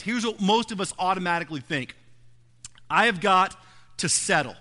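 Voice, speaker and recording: A man preaching a sermon as pastor, emphatic, swinging between loud build-ups and soft, low asides.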